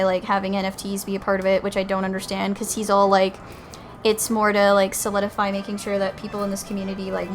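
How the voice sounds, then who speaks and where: A woman's voice: mid-range voice, a bit bright, low-quality recording. A young woman streamer chatting casually while gaming, swearing freely and saying "like" a lot. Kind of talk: casual chat while playing a game.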